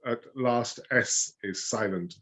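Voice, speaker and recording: A man speaking as a rose expert in a casual chat, hesitant with many fillers, often trailing off softly. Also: mid-range voice, takes it slowly. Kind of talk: casual video-call chat.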